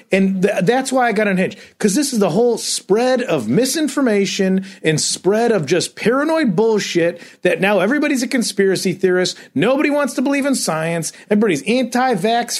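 A man's voice: high-pitched, very animated, normal speed, hardly any pauses. A man on a podcast, a comedian ranting and swearing in exasperated casual chat. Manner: self-described comedian. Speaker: podcast co-host.

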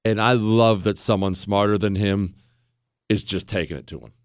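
A brash, sarcastic talk radio host in his forties riffs and mock-acts his callers, shifting quickly and swinging his voice up and down. His voice is lowish and clean with fairly even intonation, and there's no room sound.

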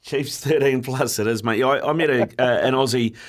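An easygoing host who reads out betting odds in a relaxed, chatty way. His voice is of middle height and even. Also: mid-range voice, moderate pace. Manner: easygoing, reads out odds, says "mate" a lot. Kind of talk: casual sports-betting chat.

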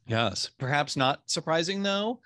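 A man's voice: fairly high pitch, animated, measured pace, fairly bright tone, no echo, clean studio sound. A man co-hosting a podcast in casual, enthusiastic chat, full of fillers. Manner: enthusiastic, chatty, lots of fillers like "like". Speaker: podcast co-host.

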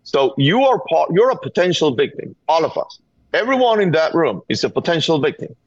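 Over a dull, dry remote line with no room sound, a middle-aged gun violence activist from Venezuela talks in a call-in interview. His slightly high voice is sing-song and a little fast, his Venezuelan Spanish accent clear as he earnestly, urgently repeats words to drive points home.

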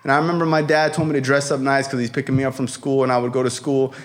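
A man's voice: mid-range voice, level tone, fast talker. A man telling a personal recovery story to a live audience, in a casual, profane, slangy way with frequent fillers. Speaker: speaker sharing a recovery story.

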